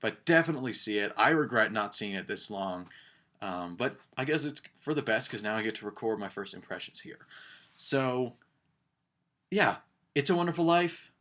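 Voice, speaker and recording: A man's voice: lowish voice, expressive, normal speed, a bit bright. Young male vlogger, casual film review, chatty and rambling, eager. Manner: rambling, filler-heavy, enthusiastic. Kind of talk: casual vlog movie review.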